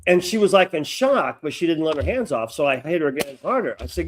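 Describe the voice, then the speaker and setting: A middle-aged man tells a story on a casual podcast, with a fairly high voice that swoops up and down a lot. He talks in a rough, animated way and swears freely. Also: fast, a crowd in the background. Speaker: podcast co-host.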